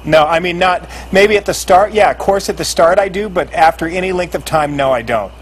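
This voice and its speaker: A man's voice: high-pitched, brisk, a little hiss or hum, rough recording. A man guesting on a call-in show, talking bluntly and candidly and laughing easily. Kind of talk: casual call-in chat.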